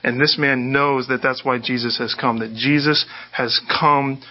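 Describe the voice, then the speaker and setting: Man preaching in an animated way. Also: medium pitch, unhurried, dull audio. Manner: animated, conversational preaching with many repeats. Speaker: pastor. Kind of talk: sermon.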